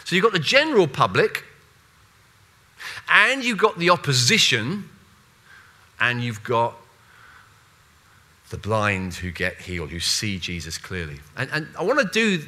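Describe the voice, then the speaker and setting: A man preaching a sermon in a conversational, animated way, with playful asides and voiced quotes. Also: mid-range voice.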